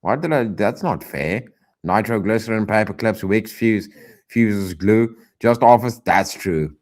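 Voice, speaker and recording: A man streaming reaction commentary, exasperated and loud, repeating himself and swearing often. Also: fairly low pitch, expressive, unhurried.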